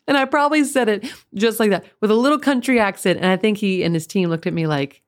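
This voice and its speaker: A young adult woman hosting a podcast, talking through her photography business in a chatty, animated way with quick asides. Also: mid-range voice. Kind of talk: casual solo podcast talk.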